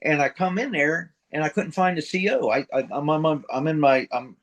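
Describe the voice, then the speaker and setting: A man's voice: a little high, normal speed, highs cut off. An older man, a retired Marine from middle America, telling war and service stories in a blunt, profane, casual way as an interview guest. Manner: blunt, profane, acts out quoted dialogue.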